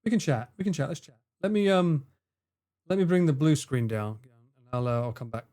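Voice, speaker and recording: Animated, lively-voiced male streamer. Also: on the high side, a little fast. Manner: laughs often and swears freely. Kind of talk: casual livestream chat.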